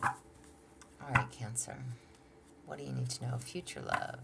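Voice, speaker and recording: Chatty low-voiced woman tarot reader. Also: very animated, measured pace, gravelly, very noisy. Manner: chatty, laughs often, says y'all. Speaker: tarot reader, channel host. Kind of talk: casual tarot reading. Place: home.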